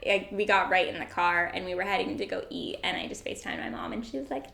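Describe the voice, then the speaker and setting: A woman's voice: fairly low pitch, quick pace, gravelly, hardly any pauses, pushed and bright. A young woman vlogger chatting casually and giggling, with lots of "like" fillers. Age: young adult. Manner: bubbly and giggly, many "like" fillers. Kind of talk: casual chat. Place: indoors, sitting down. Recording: echoey room.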